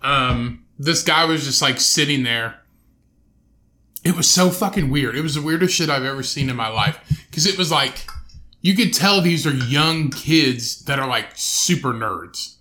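A man's voice: mid-range voice, a little slow. A man co-hosting a casual podcast, ranting with lots of swearing and acting out the people he describes. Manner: profane, ranting, acts out quoted people loudly. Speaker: podcast co-host.

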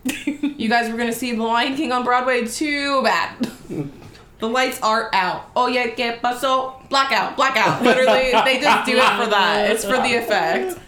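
A woman's voice: fairly high pitch, moderate pace, fairly bright tone. Woman chatty co-host, swears freely, acts out dialogue, echoey room. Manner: profane, gossipy, acts out quotes. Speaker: podcast co-host. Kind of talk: casual chat, storytelling.

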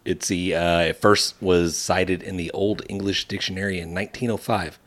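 A man with a deep, low-pitched voice co-hosting a casual podcast. He talks chattily, full of fillers, and shares bits of trivia with a chuckle. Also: fairly even intonation, normal speed, few pauses, a bit bright. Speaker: podcast co-host. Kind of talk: casual banter.

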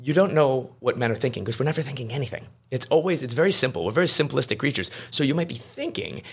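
A man's voice: medium pitch, lively intonation, quick pace. A man, an attorney appearing as a podcast guest, who talks in rambling stories full of fillers and restarts. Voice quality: gravelly. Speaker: estate planning attorney, guest. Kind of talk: podcast interview conversation.

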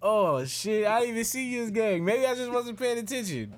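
A young man co-hosting a casual football podcast, teasing his friends and jumping into high mocking tones. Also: lively intonation, a little fast. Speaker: podcast co-host. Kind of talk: casual sports chat.

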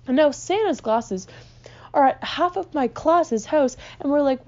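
Young woman host, higher voice with a gravelly fry, exasperated comic rant, dull lo-fi recording. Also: normal speed. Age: young adult. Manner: exasperated, swearing, animated. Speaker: podcast host. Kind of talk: casual comedic rant.

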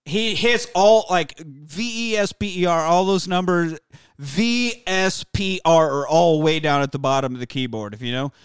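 Profane animated podcast host man. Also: a little high, normal speed, clear, resonant tone, no room sound, clean studio sound. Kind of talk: casual movie recap chat.

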